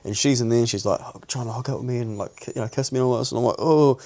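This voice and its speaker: Young kiwi guy, gravelly creaky voice, blunt and sweary, says bro a lot. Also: mid-range voice, steady tone, very fast, a little mellow. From New Zealand. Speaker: podcast co-host. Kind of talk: candid personal storytelling.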